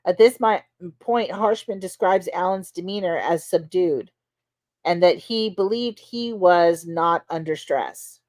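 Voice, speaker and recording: Speaking unhurriedly in a low, darkish voice, a woman hosting a podcast gives a relaxed recap of trial testimony. She's conversational, peppering her talk with "like" and "you know," and the recording is dry.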